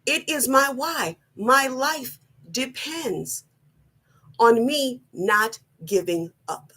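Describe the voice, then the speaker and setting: A middle-aged woman giving a personal motivational talk, slow, earnest and deliberate, often repeating her phrasing. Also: high voice, animated, pushed and bright. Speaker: wellness vlogger.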